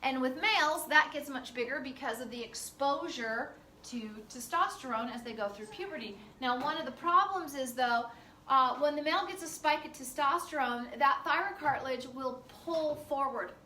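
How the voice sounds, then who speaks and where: Casting: female lecturer, high bright voice, chatty with fillers, recorded from far off in an echoey classroom. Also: moderate pace, a little hiss or hum. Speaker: teacher.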